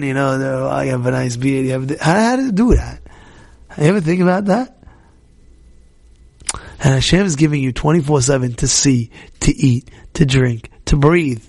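Man teaching a casual Torah class, high gravelly voice, animated, repeats himself, quizzes the room. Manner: animated, repetitive, questions the audience directly. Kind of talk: informal Torah class talk to a live group.

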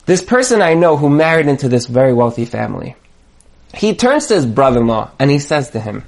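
A man's voice: mid-range voice, very animated, brisk, vocal fry. Dramatic storytelling man preaching. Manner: dramatic storyteller, builds to emphatic near-shouting. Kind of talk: sermon with storytelling.

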